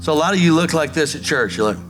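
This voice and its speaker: A pastor preaching to his congregation in a lively, theatrical way, slipping into quoted voices and urging the room to answer back. His man's voice sits a little high, and music plays clearly underneath. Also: quick pace. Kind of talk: sermon. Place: church sanctuary before a congregation.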